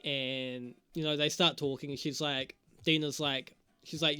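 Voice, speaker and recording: A man's voice: a little high, little pitch movement, a little slow, pushed and bright, clear, resonant tone, faint music behind. A young man doing a casual review vlog, talking in a profane, sarcastic, rambling way and laughing at his own jokes. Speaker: show reviewer.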